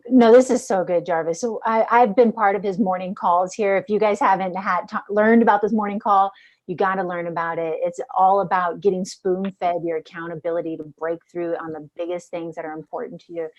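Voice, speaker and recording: A middle-aged woman host telling her own story in an earnest, animated way during a conversational interview. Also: fairly low pitch, fairly quick, highs cut off. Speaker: podcast host.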